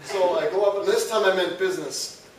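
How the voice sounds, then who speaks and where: A young male college comedian telling an absurd story in a deadpan way to a live audience, sometimes laughing at his own jokes. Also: high voice, brisk, recorded from a distance. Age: young adult. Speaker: student comedian. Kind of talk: stand-up comedy. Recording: echoey room, mic from afar, audience noise.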